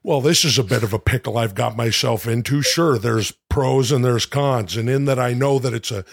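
A man doing a gruff blustering tough guy. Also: mid-range voice, moderate pace. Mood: musing. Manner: indignant ranting with mock patriotic bluster. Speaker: comedy podcast host. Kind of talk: improvised comic impression.

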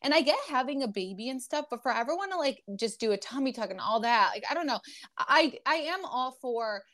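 A young woman chats casually on a podcast, recapping a reality show with plenty of fillers and half-finished restarts. Her voice sits a little higher than most. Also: expressive, a little fast, a bit bright. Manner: chatty, rambling, frequent fillers and restarts. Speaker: podcast co-host.

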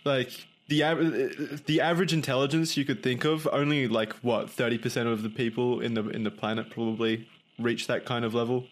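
A man's voice: mid-range voice, fairly even intonation, a little fast, few pauses. A man co-hosting a podcast, joking around in casual chat. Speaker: podcast co-host.

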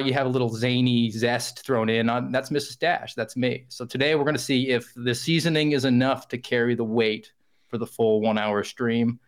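A man filling in as podcast host, talking in a chatty, self-deprecating way with frequent fillers. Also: mid-range voice. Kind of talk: casual podcast monologue.

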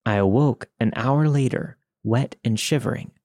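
A man's voice: mid-range voice, normal speed, warm tone, dry recording, clean studio sound. A man narrating a first-person story in a wry, conversational way.

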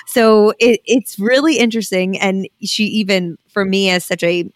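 A young woman hosts a casual podcast chat, telling anecdotes with lively energy. She slips into the voices of the people in her stories with sudden leaps in pitch. Her voice sits in a middle register and was recorded close and dry. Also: normal speed, no room sound. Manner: animated storyteller, acts out quotes with big jumps in pitch. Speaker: podcast host.

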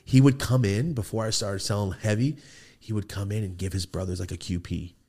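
A man hosting a studio podcast, telling animated stories and acting out the people in them. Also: lowish voice, fairly quick, husky. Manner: animated storyteller, acts out quoted people, swears freely. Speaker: podcast host. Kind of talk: casual storytelling chat.

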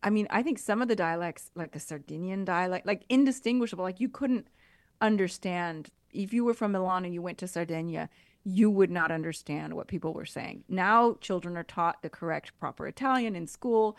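A woman with a fairly low voice chats casually on a podcast, full of lively asides and quick restarts. The sound is dry and close, with no room around her. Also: no echo. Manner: chatty, animated, trailing restarts. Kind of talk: casual chat. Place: abroad in Italy, married into an Italian family.

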